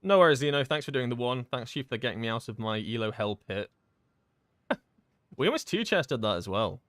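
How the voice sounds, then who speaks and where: Male game streamer, chatty and rambling, mid-pitched, dry booth-close sound. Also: big pitch swings, fairly bright tone, no echo. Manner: rambling and chatty, with many fillers and quick laughs. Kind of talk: casual live-stream chat while gaming.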